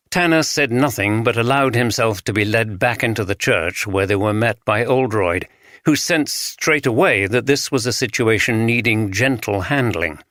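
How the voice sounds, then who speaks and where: A male audiobook narrator reading a mystery at a steady, measured pace. His voice is bright and forward, and it is recorded on a close mic with a dry, dead sound. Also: fairly low pitch, no room sound.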